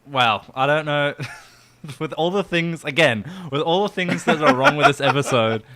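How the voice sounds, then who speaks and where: A man's voice: a little high, a little slow, sharp tone. A man hosting a casual comedy podcast, telling rambling stories with frequent giggles. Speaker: podcast host.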